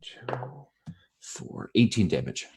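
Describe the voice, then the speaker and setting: A man's voice: mid-range voice, sing-song, slow pace, darkish tone, husky. A man playing a tabletop game, talking in an easygoing, slightly hesitant way as he reads out his rolls. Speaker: player. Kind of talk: casual tabletop game play.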